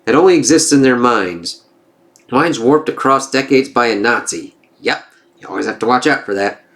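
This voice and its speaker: A man's voice: mid-range voice, animated, moderate pace, a bit bright. A man giving a casual spoken review of a comic book, reading panels aloud with enthusiastic, conversational asides.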